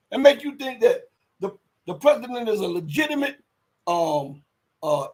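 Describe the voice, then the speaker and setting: A man hosting a livestream, giving casual political commentary in a rambling, emphatic way, breaking into loud outbursts and muttering while he searches online. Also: extremely high pitch, rough recording. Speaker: livestream host.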